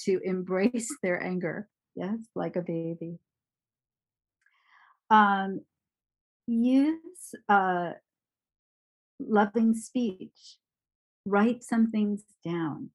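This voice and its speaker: Soft-spoken woman giving a slow talk. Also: fairly low pitch, poor audio. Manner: gentle, reflective, with frequent ums. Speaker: meditation teacher. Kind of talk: dharma talk.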